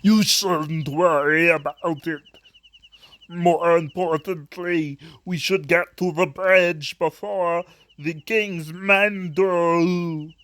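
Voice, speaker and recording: A gruff male warrior, voiced by a man reading a video game, speaks bluntly in a slightly raised voice. He talks slowly and steadily, and the sound is dry and close. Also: on the high side, fairly even intonation, a bit bright, no room sound.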